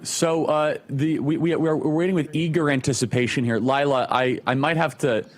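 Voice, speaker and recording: A male news anchor hosting live coverage, firing quick questions with stumbling restarts. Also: on the high side, fairly even intonation.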